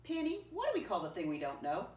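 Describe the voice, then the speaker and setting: A woman teaching a math lesson to first graders, patient and slow, spelling words out letter by letter and addressing the children as friends. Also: medium pitch, wildly swooping pitch, a little mellow, a little hiss or hum. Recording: echoey room, voice from a distance.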